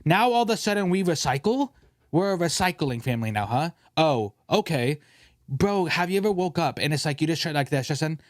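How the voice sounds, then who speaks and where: A man's voice: fairly high pitch, lively intonation, fairly quick, no echo, studio quality. A man hosting a casual podcast, ranting and joking with his co-host, often mimicking other people's voices.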